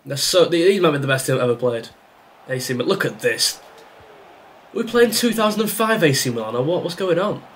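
A man's voice: a little high, lively intonation, a little fast, fairly bright tone. A young man commentating his own football video game, exasperated and sarcastic as he rants at the match. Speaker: gaming YouTuber. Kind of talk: frustrated live gameplay commentary.

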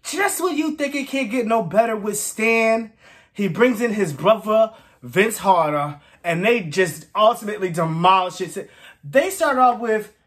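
A reaction-channel host talks at an unhurried, lingering pace, mid-pitched and gushing. Exclamations come in emphatic bursts, and the voice stays emotional and teary-eyed throughout. It is relaxed, casual commentary.

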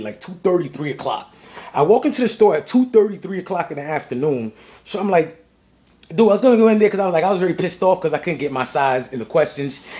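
A man telling a casual vlog story about buying sneakers, animated and full of slang. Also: a little high. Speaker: sneaker vlogger.

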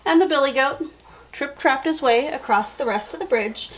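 Teacher, woman, bright higher voice, lively read-aloud for young kids. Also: moderate pace. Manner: friendly, expressive read-aloud. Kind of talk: felt board storytelling for kids.

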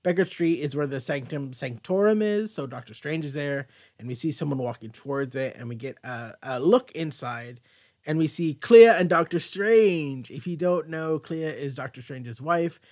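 A young man casually recapping a comic book, excited and rambling, swearing freely. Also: a little high, normal speed. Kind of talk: casual chat.

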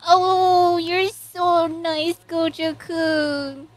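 A woman reacting to an anime, talking to the characters on screen and swinging between loud cheering and soft, sympathetic murmurs. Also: very high voice, fairly even intonation, drawn-out words. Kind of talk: emotional anime reaction commentary.

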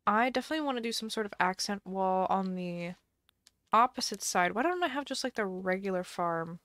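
A woman's voice: medium pitch, fairly bright tone, dry recording. A woman streamer chatting casually on a live game stream, thinking aloud and musing indecisively as she plays.

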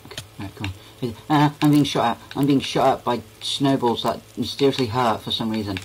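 A man's voice: mid-range voice, fairly quick, slight background noise, rough recording. A young man giving goofy, rambling commentary while playing a game. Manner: goofy, rambling, talks to himself. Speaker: gaming video creator.

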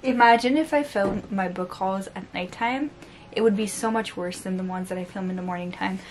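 A book vlogger with a French accent, tired and short on sleep, chats casually while unboxing books in a home room with books on the floor, joking at her own expense and tripping over words. Her mid-range voice moves at a moderate pace, with a little hiss or hum.

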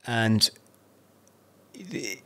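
A man in his fifties from South-East London with an English accent, a podcast guest telling his story in a rambling, animated way with lots of restarts and swearing. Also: mid-range voice, drawn-out words. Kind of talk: casual storytelling.

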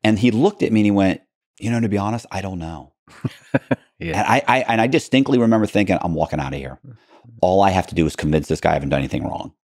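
Low-voiced man telling a story, dry sound. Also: fast talker, dry recording. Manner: animated, acts out both sides of the dialogue. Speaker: podcast guest. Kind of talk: storytelling in a podcast interview.

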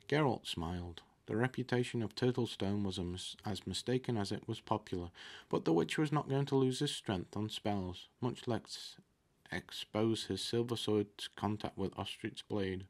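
A man reading a fantasy novel aloud as narrator, in a measured, steady way. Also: lowish voice. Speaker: audiobook reader.

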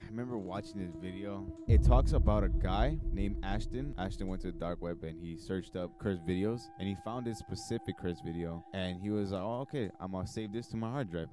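A man telling a creepy story on a podcast in a rambling way, often asking "right?". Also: deep voice. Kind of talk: casual storytelling.

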